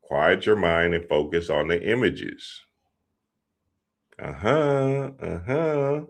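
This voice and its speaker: A man's voice: low-pitched, a little slow. A man hosting a spiritual talk show, mixing teaching with laid-back, laughing, slangy asides.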